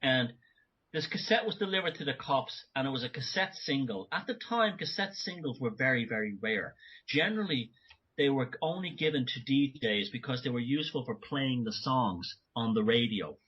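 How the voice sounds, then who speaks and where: A man's voice: medium pitch, animated, normal speed, slightly rough, highs cut off. A man speaking as a guest in an interview, talking in long rambling runs with many restarts and self-corrections. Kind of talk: remote conversational interview.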